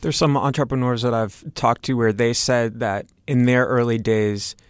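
A man interviewing a business founder, asking calm, measured questions. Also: medium pitch, clean tone, no room sound. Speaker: interviewer host.

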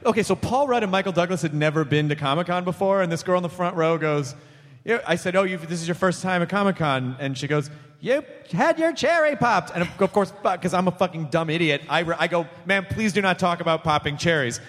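A man's voice: a little high, fast talker. A man hosting a live comedy podcast on a theater stage, joking and riffing with his guests. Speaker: podcast host. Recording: long theater reverb, faint noise.

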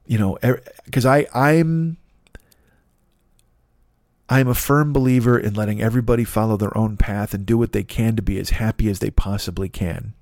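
A man's voice: on the low side, moderate pace, a little mellow, dry recording. A man hosting a podcast in a casual solo monologue, rambling and self-critical with many restarts. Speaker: podcast host.

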